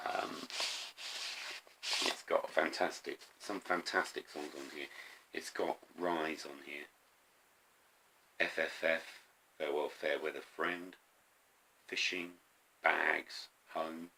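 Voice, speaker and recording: A middle-aged man talking casually to camera about his favourite records, eager but halting, with many pauses and ums. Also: very deep voice, fairly even intonation, vocal fry, pushed and bright, a little hiss or hum. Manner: enthusiastic, halting with frequent ums. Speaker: vinyl record collector vlogger.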